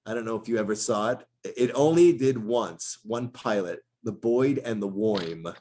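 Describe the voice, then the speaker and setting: Chatty middle-aged man, somewhat low voice. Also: moderate pace. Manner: animated storyteller who drops into character voices. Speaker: voice actor. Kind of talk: casual interview chat.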